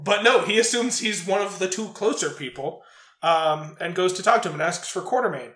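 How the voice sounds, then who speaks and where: Brief: high, bright-voiced man riffing on a movie, cursing and laughing, roomy echo. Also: fairly quick. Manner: swearing, laughing, animated storytelling. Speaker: podcast co-host. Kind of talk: casual movie review chat.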